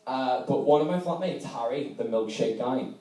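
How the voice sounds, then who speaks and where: A young man giving a comic storytelling speech to a debate society, animated and often laughing as he talks. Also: medium pitch, moderate pace, crowd noise. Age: young adult. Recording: echoey room, from far off.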